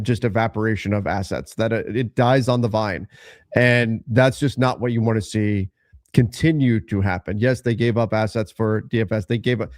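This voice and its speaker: A man hosts a live basketball trade-deadline show, laying out his opinions in a measured way with emphatic verdicts. His voice sits in a middle register. The sound is dry and close to the mic. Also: medium pitch, a little mellow, no room sound. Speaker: podcast host. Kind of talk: live basketball analysis chat.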